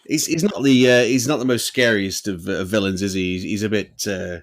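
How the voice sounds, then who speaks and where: A man's voice: fairly low pitch, brisk, no echo. A man co-hosting a podcast, reviewing a film in a rambling, swearing, casual chat. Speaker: podcast co-host.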